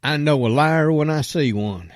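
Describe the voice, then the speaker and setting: A man's voice: on the high side, normal speed, no room sound. Angry man ranting, dry close sound. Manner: blunt and profane, addresses a politician directly. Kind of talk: angry political rant.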